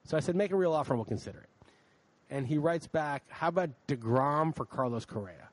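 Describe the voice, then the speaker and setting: A man's voice: on the high side, fairly quick, no room sound, low-quality recording. A man co-hosting a podcast, ranting in casual chat with frequent swearing. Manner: animated, profane ranting. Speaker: podcast co-host.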